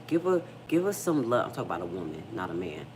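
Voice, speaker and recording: A middle-aged woman hosts a casual livestream and talks bluntly, with plenty of profanity. Her voice sits low, and she tells stories in an animated way. Faint noise hums underneath. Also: quick pace. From United States. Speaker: livestream host.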